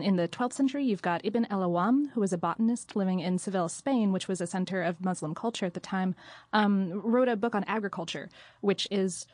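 A woman's voice: mid-range voice, dry recording. Chatty woman co-host, dry studio sound. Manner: chatty, repeats words as she restarts. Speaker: podcast co-host. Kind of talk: casual chat. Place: recording studio.

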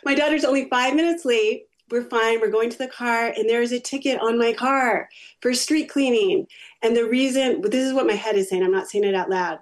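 Brief: middle-aged woman, talk show guest and parent coach, lively storyteller. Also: a little high, fairly quick. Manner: animated storyteller who acts out quotes. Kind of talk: interview guest telling a personal story.

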